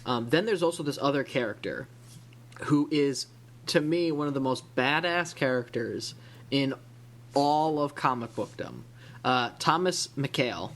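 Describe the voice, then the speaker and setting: A man's voice: medium pitch, measured pace, fairly bright tone. A man from the Illinois-Wisconsin area of the USA hosting a casual comic book podcast, rambling with many restarts and fillers. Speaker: podcast host.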